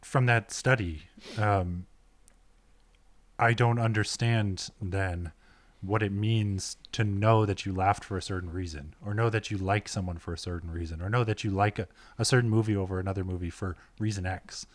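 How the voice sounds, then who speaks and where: A man with a fairly low voice speaks as a podcast guest, asking questions and thinking aloud in a thoughtful way. His voice sounds close and dry. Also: steady tone, normal speed, dry recording. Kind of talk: casual conversation.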